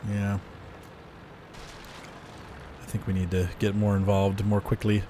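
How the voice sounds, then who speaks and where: A man giving casual gameplay commentary in a relaxed, chuckling manner. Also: on the low side, a little slow, background noise. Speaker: game commentator.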